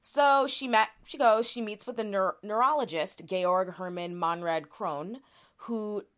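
A woman's voice: medium pitch, a little slow, fairly bright tone, clear, resonant tone. A woman co-hosting a podcast, explaining a topic in casual conversation with frequent fillers and restarts. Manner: chatty, many "like" fillers and restarts. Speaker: podcast co-host presenting research.

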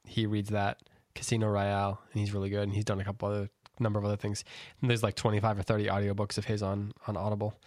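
A man hosting a casual book club podcast, relaxed and steering the talk. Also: lowish voice, fast, few pauses, dry recording. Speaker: podcast host.

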